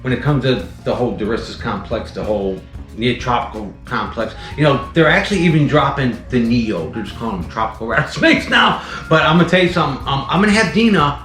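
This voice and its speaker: A man's voice: mid-range voice, lively intonation, fast, fairly bright tone. A chatty man hosts a casual tour of his venomous snake collection, rambling with plenty of fillers. His voice sits in the middle range for a man. It rings in an echoey indoor room, with faint music underneath. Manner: chatty, rambling, frequent "um" and "let me tell you". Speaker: venomous snake keeper and channel host.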